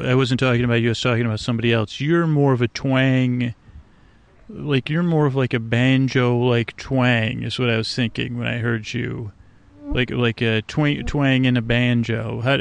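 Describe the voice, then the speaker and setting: Rambling man with a gravelly voice. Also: medium pitch, dry recording. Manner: meandering, hesitant, many fillers and restarts, whimsical. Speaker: sleep podcast host. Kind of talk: rambling, drowsy monologue outdoors at night. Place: outdoors by a swamp at night.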